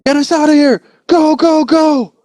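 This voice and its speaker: A man voicing panicked soldiers yelling orders to each other in a speeding armored vehicle during a tabletop game. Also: very high-pitched, fairly even intonation, unhurried, dry recording, pitched above the performer's own voice. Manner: frantic, yelled orders.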